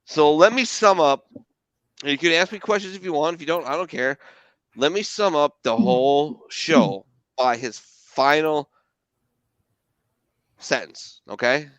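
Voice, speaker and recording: A middle-aged man hosting a podcast, telling stories in casual, profane, animated chat. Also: a little high, a little slow, long pauses, dry recording. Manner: animated storytelling with profanity and laughter. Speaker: podcast host.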